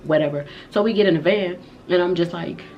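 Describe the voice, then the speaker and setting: Woman, low voice, casual slang, animated storytelling, swears freely. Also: brisk, muffled recording, slight background noise. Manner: animated, profane retelling of a fight. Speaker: vlogger. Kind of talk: storytime vlog.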